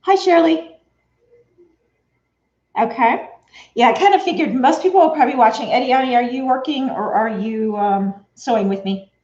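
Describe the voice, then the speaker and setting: A woman's voice: on the high side, moderate pace, long pauses, darkish tone. A woman hosting a casual quilting livestream, chatty and laughing often as she greets viewers by name. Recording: echoey room, dull lo-fi sound.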